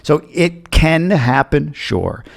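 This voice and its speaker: A man from the United States giving candid, chatty reaction commentary on a travel video, sometimes mimicking loud talk. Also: fairly high pitch, big pitch swings, slow, gravelly.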